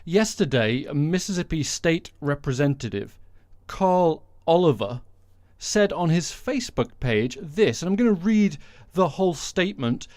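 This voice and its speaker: A man's voice: fairly high pitch, darkish tone, clear, resonant tone, dry recording. Sarcastic, sweary man hosting a podcast. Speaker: podcast host. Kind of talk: sweary comic monologue.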